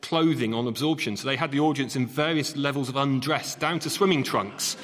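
A man who is an acoustics expert, clearly explaining how halls are designed. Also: medium pitch, brisk, a bit bright. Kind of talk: explaining on a panel. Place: concert hall used as studio. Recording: long concert hall reverb.

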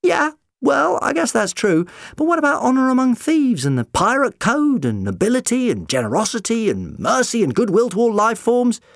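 A man's voice: very high voice, big pitch swings, moderate pace, gravelly, few pauses, dry recording, studio quality, voice pushed up, heavily acted. A man voicing a sly, bargaining male ship's doctor in a storybook reading, wheedling and pleading.

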